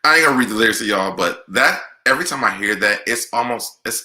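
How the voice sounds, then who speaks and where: A man's voice: low voice, lively intonation, fairly quick, hardly any pauses, bright, forceful tone. A man hosting his own channel, answering viewer questions in a candid, chatty vlog. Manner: candid, chatty, loose delivery. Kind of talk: casual Q&A vlog.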